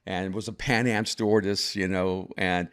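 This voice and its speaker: Man over fifty, from El Salvador, lowish pitch, reflective, repeats words as he goes. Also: level tone, moderate pace, a bit bright, smooth. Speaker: guest. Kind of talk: conversational storytelling.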